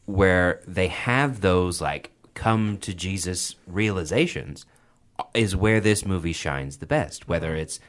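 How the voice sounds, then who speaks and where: A man's voice: deep voice, takes it slowly. A man in a casual movie discussion, talking with earnest, emphatic enthusiasm about scenes he loves.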